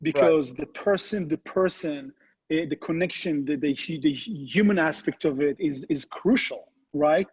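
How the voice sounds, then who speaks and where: A man's voice: a little high, unhurried, a little mellow, breathy edge, dull audio. A man in real estate, talking on a video call panel, hesitant and full of fillers.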